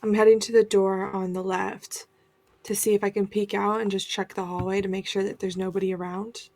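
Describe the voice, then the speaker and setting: A woman's voice: medium pitch, level tone, brisk, a little mellow. A woman playing a tabletop game, thinking aloud as she plans her character's moves. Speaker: player.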